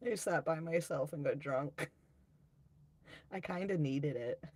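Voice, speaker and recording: The speaker is a female livestream host with a low-pitched, slightly rough, somewhat mellow voice. She reads viewer comments aloud and talks in a loose, rambling, offhand manner, readily laughing at herself.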